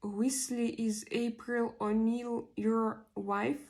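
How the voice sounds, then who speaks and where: Slow and halting, this livestream host pauses often as she hunts for words while chatting casually and reading out viewer comments. She's in her 40s, a native Russian speaker, with a fairly high, flat, slightly mellow voice and some vocal fry.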